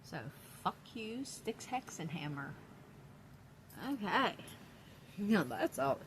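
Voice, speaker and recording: Woman vlogger, slow unhurried talk, blunt and foul-mouthed, frequent laughs, faint background hum. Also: mid-range voice, big pitch swings. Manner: blunt and profane, laughing often. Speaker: YouTube vlogger. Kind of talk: casual chat vlog. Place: downstairs apartment.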